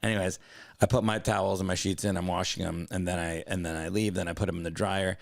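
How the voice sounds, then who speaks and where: A young man co-hosting a comedy podcast, his everyday voice sitting on the low side. He tells a story loosely and casually. He keeps breaking into loud, animated impressions of the people in it. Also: quick pace, creaky. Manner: animated, acts out both sides of the story in loud raised voices. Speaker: podcast co-host.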